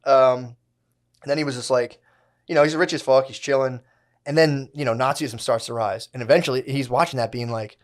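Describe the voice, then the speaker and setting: A man's voice: mid-range voice, steady tone, a little fast. A young man co-hosting a podcast, telling a story in casual, profane slang and putting on mocking voices for the people in it. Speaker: podcast co-host. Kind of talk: casual chat.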